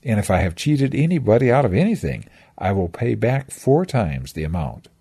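Man voicing a short tax collector, eager, husky voice. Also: lowish voice, big pitch swings, moderate pace, dark tone, voice pushed up, exaggerated voice. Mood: earnest.

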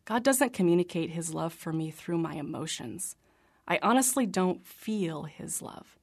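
Earnest, gravelly low woman narrator. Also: animated, measured pace. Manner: earnest, reflective, drops to a soft whisper on quiet lines. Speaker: narrator reading a personal faith memoir. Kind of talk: scripted narration.

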